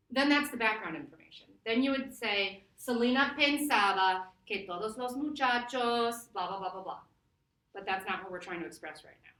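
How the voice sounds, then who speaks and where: A woman teacher giving a classroom lesson, lively and laughing, stretching words out slowly to model them. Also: fairly high pitch. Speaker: Spanish teacher. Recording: echoey classroom from far off.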